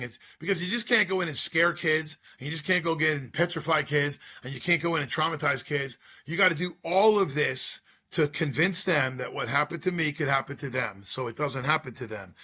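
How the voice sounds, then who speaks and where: The voice is a little high and sharp-toned, moving briskly with few pauses. It belongs to a middle-aged man who speaks to schools about drug prevention, here telling his story in an interview through earnest, repetitive rhetorical questions.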